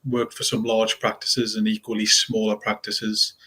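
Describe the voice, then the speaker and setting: A young man with a Geordie accent, speaking as a guest in a casual podcast interview, modest and measured. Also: fairly low pitch, monotone, pushed and bright, breathy edge. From North East England. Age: young adult.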